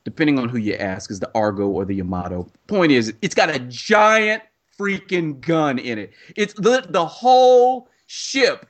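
A man's voice: on the high side, sing-song, a little slow, few pauses. A man ranting in a casual chat, acting out scenes in quoted voices.

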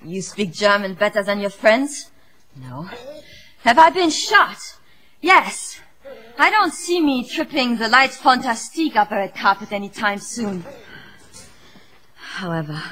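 A woman playing a glamorous actress turned spy, speaking in a hushed, conspiratorial way in a film scene. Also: medium pitch. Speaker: film clip.

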